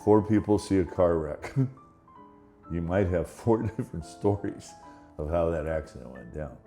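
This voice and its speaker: A man's voice: low voice, normal speed, dark tone, faint music behind. A man telling stories in a casual conversation, laughing often and acting out the voices in his anecdotes.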